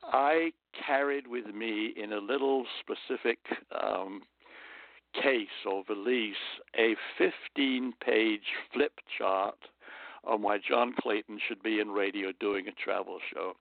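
A man's voice: lowish voice, unhurried, gravelly, no room sound. A man from London with a British accent, a guest telling stories in an interview, an earnest raconteur who slips into motivational asides. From London, England. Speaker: guest storyteller. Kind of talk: anecdotal interview storytelling. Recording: dry, tinny phone line.

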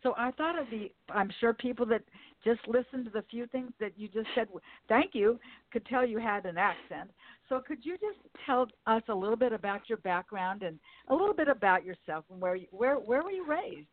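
A woman's voice: on the high side, lively intonation, moderate pace, dry recording. A woman hosting a podcast interview, upbeat and welcoming as she introduces her guest and asks questions. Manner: upbeat and welcoming, with some self-interrupting restarts. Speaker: podcast host. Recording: dry, phone-like line.

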